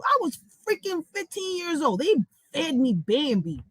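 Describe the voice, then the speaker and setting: A woman's voice: extremely high pitch, normal speed, no room sound, low-quality recording. A woman giving casual reaction commentary, telling stories in a blunt, profane and emphatic way. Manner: animated, emphatic. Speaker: reaction vlogger.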